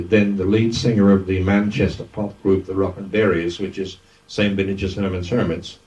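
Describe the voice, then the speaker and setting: Older Australian man telling stories, distant. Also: low-pitched. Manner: lively raconteur, acts out quoted speech. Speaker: former radio DJ, interviewee. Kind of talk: anecdotal storytelling interview. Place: event venue. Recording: dull, distant lo-fi recording.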